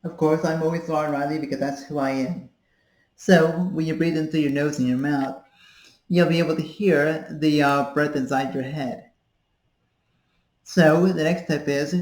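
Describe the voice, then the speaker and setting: A woman's voice: deep voice, steady tone, normal speed, a little mellow. A woman in her thirties giving a casual voice-training tutorial, rambling with fillers as she demonstrates sounds. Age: 30s. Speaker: voice coach. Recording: echoey room.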